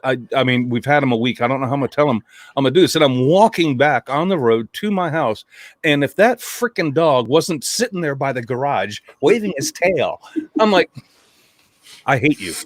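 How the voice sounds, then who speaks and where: Brief: male podcast host, lively swooping delivery, close and dry. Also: on the high side, no echo. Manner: animated storyteller, cussing, joking. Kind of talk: casual chat. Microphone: remote call mic.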